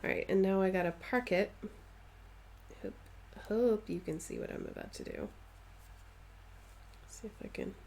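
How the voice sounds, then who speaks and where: A woman's voice: medium pitch, unhurried, long pauses, a little mellow, slight background noise. A woman chatting casually on a live stream while she stitches, answering viewers' comments and playfully dramatizing her stories.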